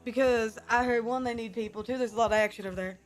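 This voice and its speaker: Woman streamer, casual and rambling, slightly high voice, sustained character accent. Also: steady tone, fast, soft background music. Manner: holding a put-on character accent, chatty with fillers. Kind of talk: casual chat to stream viewers.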